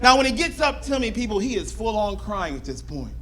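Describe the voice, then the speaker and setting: A middle-aged man from Florida doing a stand-up comedy set on a club stage, telling a story with lively, animated delivery. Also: a little fast. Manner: animated storytelling, squealing high shouts when acting out his crying.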